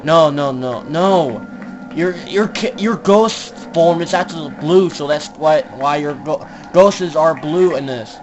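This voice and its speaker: A young man giving casual, joking commentary while playing an online horror game, swearing and laughing often and shouting when startled. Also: fairly high pitch, takes it slowly, muffled recording, over music. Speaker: gaming YouTuber. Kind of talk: casual let's-play commentary.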